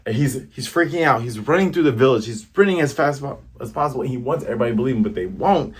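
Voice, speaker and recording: A man talks through a manga chapter in a loose, casual commentary, acting out the characters' lines along the way. His voice is husky, and his pitch jumps around a lot as he gets animated. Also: fast, few pauses. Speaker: manga reviewer.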